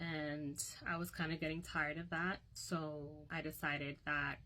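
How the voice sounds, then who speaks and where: A woman's voice: low-pitched, fairly even intonation, measured pace, hardly any pauses, a bit bright, a little hiss or hum, rough recording. A young woman recounting a painful personal story to her phone, candid and emotional, often quoting others.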